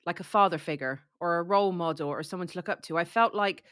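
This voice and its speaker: Woman, lowish voice, got a cold, rambling casual book chat, dry close sound. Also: quick pace, a bit bright, clean tone, no room sound. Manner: chatty, lots of likes and restarts. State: has a cold, coughing. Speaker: book discussion co-host.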